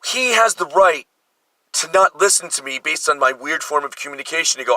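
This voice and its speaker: A man with an East Coast American accent ranting fast and hyped up in a rambling self-analytic monologue, with sudden loud bursts. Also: on the high side, lively intonation, dry recording, poor audio. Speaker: vlogger.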